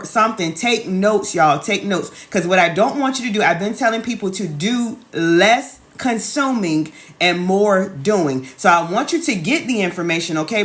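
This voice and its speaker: A woman's voice: on the low side, a bit bright. A woman in her thirties coaching viewers on a live stream, chatty and repetitive, calling out to the chat and saying "y'all" and "okay" a lot, talking into a phone. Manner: chatty, repeats calls to the audience, says "y'all" and "okay" often. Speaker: online business coach hosting a live stream. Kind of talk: casual live-stream sales talk.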